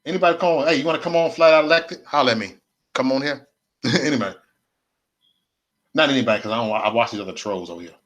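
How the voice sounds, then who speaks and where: A man's voice: mid-range voice, fast talker, pauses often, fairly bright tone, lo-fi sound. A man hosting a casual livestream rant, rambling and repeating himself in slangy, profane street talk. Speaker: livestream host.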